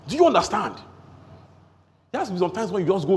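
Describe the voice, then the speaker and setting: Nigerian guy preaching, higher voice, fired up, long echo in a church hall. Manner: energetic, bursts into rapid tongues and shouts. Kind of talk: sermon. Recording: long hall reverb, faint noise.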